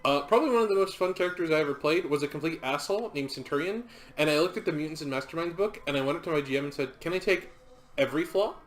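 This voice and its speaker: A man's voice: on the high side, rapid-fire. A man co-hosting a let's play, making irreverent jokes and chatting casually about games and role-playing. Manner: wisecracking, irreverent. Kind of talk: casual gameplay commentary.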